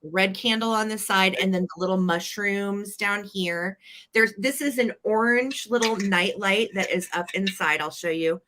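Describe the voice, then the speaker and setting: A woman's voice: mid-range voice, normal speed, pushed and bright. A woman co-hosting a live vintage sale, chatty and playful as she describes items in detail. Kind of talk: live-stream auction chat.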